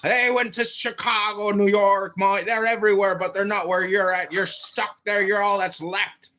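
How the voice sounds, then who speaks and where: A man's voice: sits high, little pitch movement, normal speed, sharp tone. An American man hosting a live audio chat as a political candidate, talking in a brash, profane, ranting way. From United States. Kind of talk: heated casual chat.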